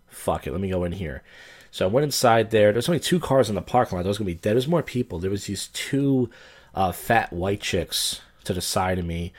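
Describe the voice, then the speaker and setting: A drunk middle-aged man and comedian hosting his podcast, telling crude wandering stories with slurred speech. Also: fairly low pitch. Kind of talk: rambling casual podcast monologue.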